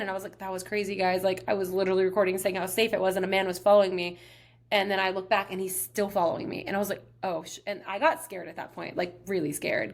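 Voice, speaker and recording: A young woman from Texas, hosting her own show, telling a travel story in a chatty, animated way with lots of "like". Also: medium pitch, gravelly. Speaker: podcast host. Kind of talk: casual storytelling.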